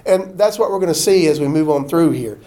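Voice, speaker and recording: A man preaching, his voice sitting high for a man. He is folksy and animated and acts out the lines of the people he quotes. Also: fairly quick. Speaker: pastor. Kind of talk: sermon.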